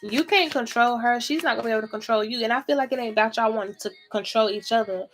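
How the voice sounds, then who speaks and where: A tarot reader with a fairly high voice gives a casual reading to camera at a quick pace, blunt and chatty, with plenty of swearing.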